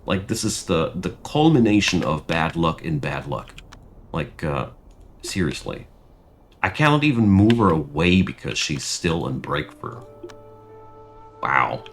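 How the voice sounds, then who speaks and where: A man's voice: extremely low pitch, expressive, slow, slight background noise. A young man commentating his strategy game and ranting in frustration over bad luck. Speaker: gaming channel host. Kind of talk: gameplay commentary.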